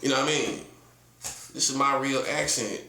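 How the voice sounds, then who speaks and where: A man's voice: mid-range voice, steady tone, normal speed, gravelly, sharp tone, roomy sound. A man from North Carolina with a Southern accent, preaching in a casual, emphatic monologue full of rhetorical questions and slang. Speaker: prophet.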